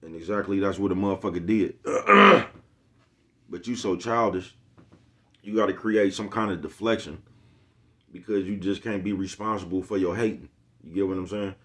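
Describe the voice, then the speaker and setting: Man with a lowish voice, rambling street-slang vlog rant, keeps checking in with the listener. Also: normal speed, a bit bright. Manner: rambling, profane, keeps asking "you know what I'm talking about"; streetwise slang, repeats himself. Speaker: vlogger. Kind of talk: unscripted rant to camera.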